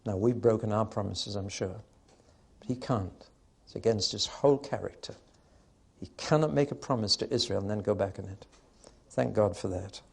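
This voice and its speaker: A man preaching a sermon to a live audience with an emphatic, wry delivery and pauses for effect. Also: lowish voice, creaky, husky.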